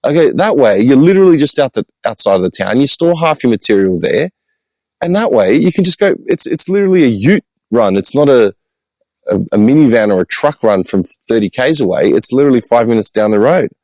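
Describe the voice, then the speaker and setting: An Australian man, a podcast host, telling stories in an animated, exasperated way with blunt swearing, in a casual walk-and-talk vlog. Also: medium pitch, fairly quick, no room sound, poor audio. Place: outdoor hillside cemetery with birds.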